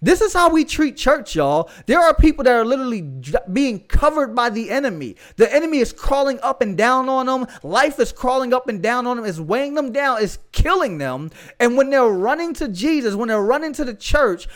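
Young southern guy preaching hard, kinda high voice, talks like he's chatting with the crowd. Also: sing-song, brisk, hardly any pauses, fairly bright tone. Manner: fervent, conversational preaching with slang asides. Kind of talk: podcast sermon.

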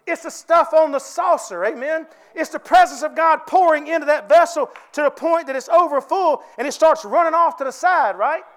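A man's voice: very high voice, moderate pace, hardly any pauses, fairly bright tone. A man preaching a sermon with fervor, calling out to his congregation for responses. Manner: fervent, calls out to the congregation for responses.

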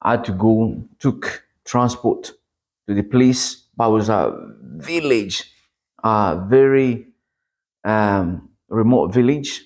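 A man's voice: slow pace, darkish tone. A man from Congo, preaching and telling his testimony in an earnest storytelling manner. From Democratic Republic of Congo. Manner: earnest storytelling, rising pitch at dramatic moments. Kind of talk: sermon testimony.

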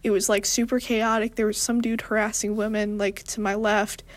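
A young woman hosting a show, talking in a rambling, casual monologue with strong vocal fry and deadpan, self-mocking humor. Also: medium pitch, moderate pace. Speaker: podcast host.

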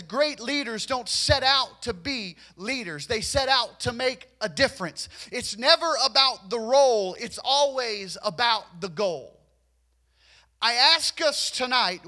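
A man's voice: very high-pitched, pushed and bright. A man preaching a sermon to his congregation in a church. He urges them on, repeats himself and stammers over restarts. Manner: repetitive, urging, stammers on restarts.

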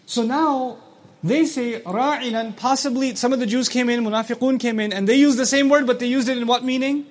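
A man lecturing on scripture, explaining words and quoting short Arabic passages, who asks his listeners questions and acts out quoted speech. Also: extremely high pitch. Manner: recites Arabic quickly between English explanations. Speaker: Quran teacher.

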